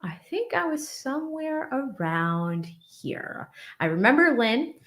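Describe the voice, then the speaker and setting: A woman's voice: sits high, very animated, takes it slowly, a bit bright, reverberant. A woman in her thirties from Boston, hosting a livestream of legal commentary and reading out viewer messages in a chatty way. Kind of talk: livestream commentary and chat shout-outs.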